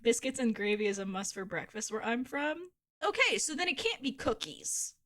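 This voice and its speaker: A woman's voice: a little high, animated, moderate pace, fairly bright tone. A woman from Ohio, streaming a game and chatting casually with her viewers, giggling often and swearing casually. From Ohio, USA. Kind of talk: casual live-stream chat while gaming.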